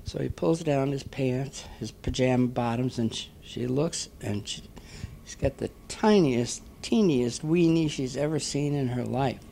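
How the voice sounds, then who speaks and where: An older man telling a string of jokes as a standup comic, often clearing his throat and laughing at his own punchlines. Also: mid-range voice, a little slow, dark tone, slight background noise. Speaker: standup comedian.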